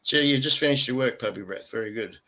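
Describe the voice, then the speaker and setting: Australian male co-host, bright, chatty and tired; casual webcam stream talk. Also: mid-range voice, quick pace, rough recording. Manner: rambling, jokey, chatty. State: tired from little sleep. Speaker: livestream co-host. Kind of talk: casual live-stream chat.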